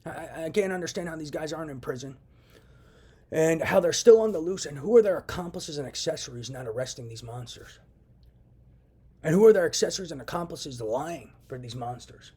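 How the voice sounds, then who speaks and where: A man's voice: fairly high pitch, lively intonation, a little fast, mellow, breathy edge. A young man delivering a heated, profane monologue, repeating himself as he vents. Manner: heated, profane ranting with repetitions. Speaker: vlogger. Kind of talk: angry monologue to camera.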